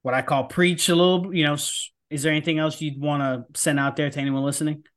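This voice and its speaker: A man's voice: fairly high pitch, steady tone, quick pace, a bit bright. A man hosting a podcast, himself a firefighter, speaking in an earnest, emphatic and casual way.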